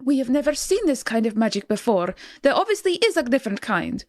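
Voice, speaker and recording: A woman's voice: on the high side, big pitch swings, a little fast, dry recording, clean studio sound. A woman speaking in character in a tabletop game, eager and insistent. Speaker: player.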